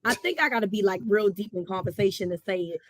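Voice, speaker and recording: A woman's voice: medium pitch, animated, fast talker, a bit bright, no echo. A woman from Baltimore, a sports radio host, chatting as a podcast guest in an easygoing way, laughing and restarting her thoughts. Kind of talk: casual chat.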